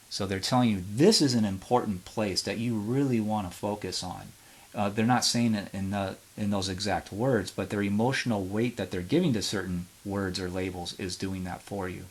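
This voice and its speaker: A man teaching how to run interviews in an informal, conversational lecture, often pausing on fillers and restarting his sentences. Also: fairly low pitch. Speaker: history professor.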